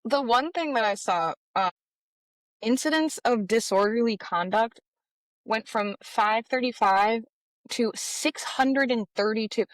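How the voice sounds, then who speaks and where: A young woman co-hosting a local news podcast, chatty and laughing easily. Her voice sits a little high. The recording is dry and close. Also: unhurried, no echo. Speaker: podcast co-host. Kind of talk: casual news chat.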